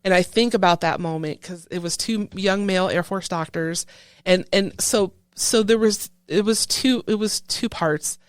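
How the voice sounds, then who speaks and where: Woman, military veteran, interview guest, halting, restarts often, dry room. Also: mid-range voice, no echo. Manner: halting, with many restarts, recounting a painful memory. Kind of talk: personal interview storytelling.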